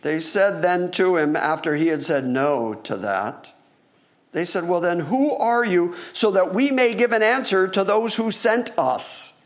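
A male pastor delivering an animated sermon. His voice sits high and swings widely in pitch as he acts out the questions of the people in the story. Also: a little slow.

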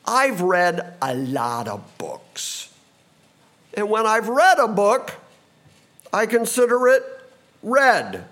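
A man with a fairly high voice preaching a sermon as a pastor. His pitch swings widely as he preaches, and he sometimes acts out confused voices from the passage. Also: slow pace, long pauses. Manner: animated preaching, acting out disciples' confused voices.

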